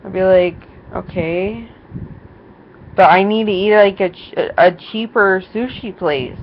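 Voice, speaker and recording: Unhurried and medium-pitched, this young woman tells a rambling story in a casual vlog, using lots of fillers and acting out quotes. The sound is dull lo-fi with a faint hiss.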